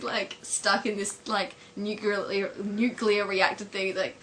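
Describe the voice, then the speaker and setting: A woman's voice: medium pitch, little pitch movement, unhurried, few pauses, fairly bright tone. A woman vlogging at home while her sister films her, chatting and giggling as she retells favourite scenes, with lots of fillers.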